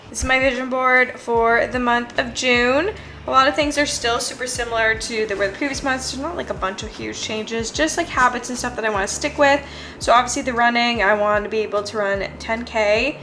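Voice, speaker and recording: A woman's voice: fairly high pitch, fairly even intonation, brisk, sharp tone, slight background noise. Chatty young woman vlogging in a roomy space. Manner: chatty and upbeat, with frequent "like" fillers. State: out of breath after running. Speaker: lifestyle vlogger. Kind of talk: casual vlog chat. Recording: roomy echo, faint music behind.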